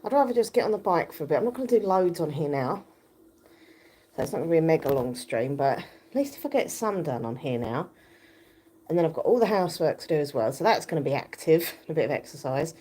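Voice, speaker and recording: A woman chatting casually on a home livestream while pedaling an exercise bike, her voice croaky from just waking up, into a phone held close. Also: sits low, animated, quick pace, warm tone, a little hiss or hum. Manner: chatty, rambling, laughs often while pedaling.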